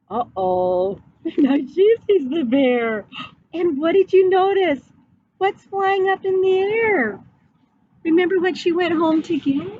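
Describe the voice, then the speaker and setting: A woman teacher reading a picture book aloud to children, pausing to ask them questions. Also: sits high. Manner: slow, animated, asking children questions. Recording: dull, slightly noisy recording.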